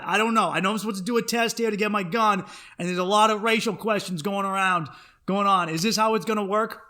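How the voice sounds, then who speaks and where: A man's voice: high-pitched, quick pace. A young man, telling a comic story on his podcast and acting out the other people in it. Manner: animated, acts out other people's voices in his stories. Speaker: podcast host. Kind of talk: comedic storytelling monologue.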